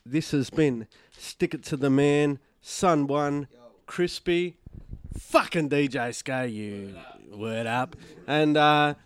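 A man's voice: on the high side, takes it slowly, few pauses, smooth, no echo. A man hosting a casual radio show, crude and teasing, swearing often.

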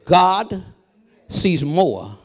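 Middle-aged male guest preacher with a high voice, fervent rhythmic sermon delivery built on repeated refrains. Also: sing-song. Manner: breaks into chanted delivery with drawn-out "uh" lead-ins.

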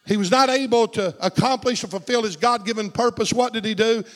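A male preacher with a strikingly high voice and a drawl delivers a sermon. He drops to low, quiet asides, then builds up to shouted peaks, and he keeps asking the congregation for an amen. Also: brisk, long reverb tail. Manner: swings between low, hushed asides and shouted climaxes; calls for amens from the congregation.

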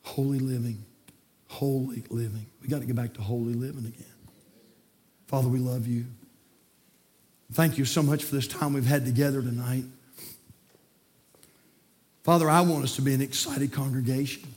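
A man preaching a sermon as pastor in a church, swinging between hushed passages and shouted climaxes. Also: mid-range voice, steady tone, moderate pace, long pauses. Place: church sanctuary.

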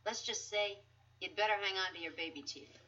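An actress playing an upbeat aunt who briskly and playfully guides a child through building a go-cart, heard as distant muffled TV audio. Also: female voice, mid-range voice, noisy background, lightly acted.

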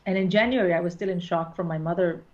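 A woman's voice: lowish voice, steady tone, fast talker, darkish tone. A middle-aged woman comedian telling a frank, wry story in casual conversation. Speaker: stand-up comedian, guest. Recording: dull lo-fi recording.

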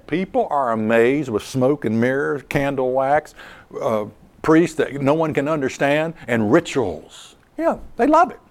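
A man preaching a sermon to listeners, animated and storytelling, with a teasing edge as he lists what people want from church. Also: sits high.

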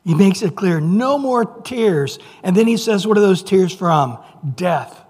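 A man preaching a sermon, dropping to near whispers and rising to loud emphasis, drawing out scripture slowly. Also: high-pitched. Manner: reads scripture aloud with slow, drawn-out phrases. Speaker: pastor. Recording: long reverb of a large hall.

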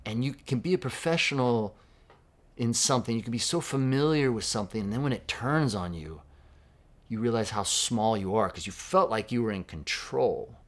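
A man from Southern California preaching a sermon in a conversational, reflective way, dropping to a hush for quoted words. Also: medium pitch, expressive, moderate pace. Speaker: pastor.

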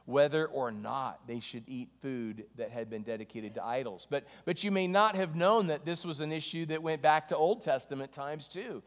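A man preaching a sermon, reading scripture and telling jokey stories with animated delivery. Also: mid-range voice, long reverb tail. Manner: animated storytelling, jokey asides. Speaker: pastor.

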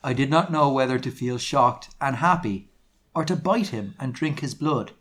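A man's voice: medium pitch, normal speed, fairly bright tone. A man co-hosting a casual podcast, reading fan fiction aloud in a mock-dramatic way, laughing and swearing often. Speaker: podcast co-host.

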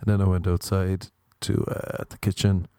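A man's voice: sits low, little pitch movement, normal speed, dark tone, smooth, dry recording, clean studio sound. A young Irish man hosting a podcast, telling a rambling, self-deprecating comic story. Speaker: podcast host.

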